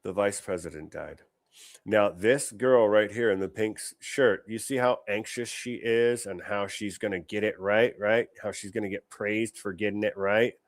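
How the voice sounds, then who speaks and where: Give me a brash, mocking male livestream host with a lowish voice on a dry close mic. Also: steady tone, normal speed, no echo. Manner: brash, mocking, swears freely. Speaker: show host. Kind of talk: political commentary livestream.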